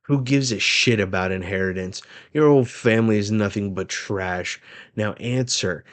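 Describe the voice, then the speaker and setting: A man reading out the lines of a bitter, violent young giant in a flat, plain voice. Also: lowish voice, moderate pace, natural voice.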